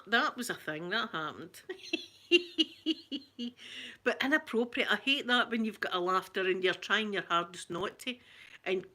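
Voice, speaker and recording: A Scottish woman hosting her channel, telling a story in an animated, chatty way that keeps breaking into laughter. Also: medium pitch. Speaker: ASMR channel host. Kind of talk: casual storytelling.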